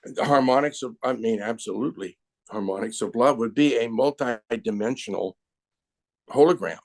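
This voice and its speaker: A man with a gravelly, creaky voice, recorded dry and close. He talks slowly and patiently, walking through his ideas step by step as a sound healer. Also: medium pitch, dry recording. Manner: slow, explanatory, demonstrating with his hands. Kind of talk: conversational interview.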